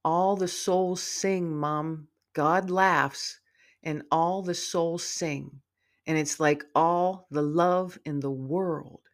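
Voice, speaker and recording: A woman voicing an excited young male dog spirit, eager and sweet, in a spoken storybook. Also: low-pitched, drawn-out words. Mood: gentle.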